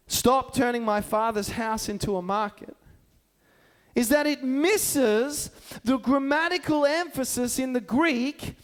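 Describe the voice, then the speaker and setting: A man preaching a sermon as a pastor, talking in a conversational way and often checking in with his listeners with rhetorical questions. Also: extremely high pitch. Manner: conversational, keeps asking the listeners "right?".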